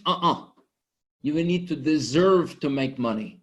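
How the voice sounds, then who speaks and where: A man giving an impassioned, blunt motivational pitch to an online group, swearing freely and sounding emotional. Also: lively intonation, a little slow. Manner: intense, blunt, swearing, preachy. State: emotional, sniffling. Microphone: online conference microphone.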